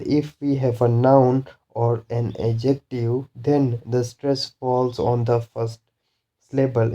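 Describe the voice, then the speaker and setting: A man with a very dark, mellow voice gives a slow pronunciation lesson. He talks deliberately and says each example word twice, pausing between phrases. Now and then he coughs. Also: mid-range voice. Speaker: English pronunciation teacher. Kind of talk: recorded lesson.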